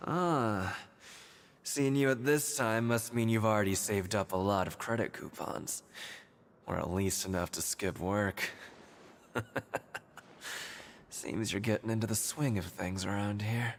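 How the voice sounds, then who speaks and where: Sly male game official, low voice, smooth insinuating drawl. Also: fairly even intonation, measured pace, long pauses, slight background noise. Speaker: game character.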